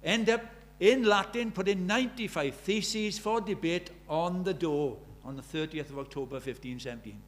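A man's voice: high voice, moderate pace, few pauses, a bit bright. A man in his seventies preaching a sermon, pressing his congregation with earnest rhetorical questions. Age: 70s. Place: church.

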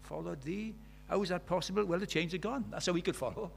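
A man's voice: sits high, very fast, creaky, a little hiss or hum. An older man, preaching a sermon in a conversational way, full of rhetorical questions.

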